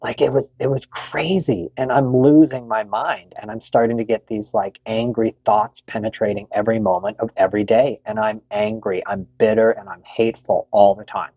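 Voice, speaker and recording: Low-voiced man telling a frank story. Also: fairly even intonation, moderate pace, hardly any pauses, breathy edge, no echo, highs cut off. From Canada. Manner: frank, swears freely, many fillers. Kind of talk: candid personal story.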